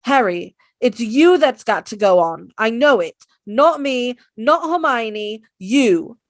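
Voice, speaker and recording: A woman's voice: a little high, expressive, slow pace, no echo, pitched above the performer's own voice. A woman doing an insistent loyal boy sidekick. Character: loyal teenage boy sidekick, urging his friend on.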